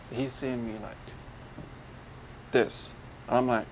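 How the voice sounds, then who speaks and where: A man recounts a personal story in a casual, animated way. He slips into other people's lines as he tells it, at a middling pitch for a man. A faint background noise sits under his voice. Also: moderate pace, long pauses, poor audio. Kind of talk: casual retelling.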